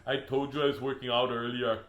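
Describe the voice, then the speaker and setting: A man's voice: medium pitch, flat delivery, fairly quick, a bit bright, echoey room, lo-fi sound, natural voice. A man voicing a goofy little toad who brags about his muscles in a children's storybook. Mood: showing off. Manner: boastful and goofy. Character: muscle-proud, show-off little male toad.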